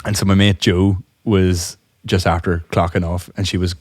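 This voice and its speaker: A young man co-hosting a podcast, telling a story in casual chat, animated and laughing often. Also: low voice, moderate pace, dry recording. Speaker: podcast co-host.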